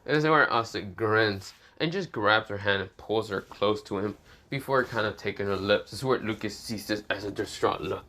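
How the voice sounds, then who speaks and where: A man narrating an improvised fan story in a halting way, with many fillers and self-corrections. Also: fairly low pitch, bright, forceful tone.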